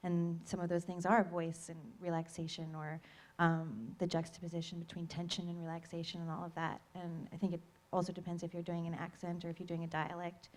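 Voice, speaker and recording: A woman's voice: lowish voice, monotone. A young woman actor on a panel who talks in a chatty, giggly way. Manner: chatty and giggly, quick to laugh. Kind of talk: casual panel Q&A answers.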